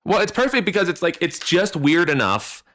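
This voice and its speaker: Man, podcast co-host, bright tone, rambling jokey delivery, slight distortion. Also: high-pitched, big pitch swings, moderate pace. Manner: rambling, jokey, trails off into tangents. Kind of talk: casual chat.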